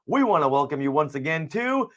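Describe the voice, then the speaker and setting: A man's voice: a little high, big pitch swings, a little fast, over a noisy crowd. A man hosting a live podcast, talking in a jokey, playful, teasing way. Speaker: podcast host. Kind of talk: casual live podcast chat. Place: home recording setup in Long Beach, California. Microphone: podcast microphone.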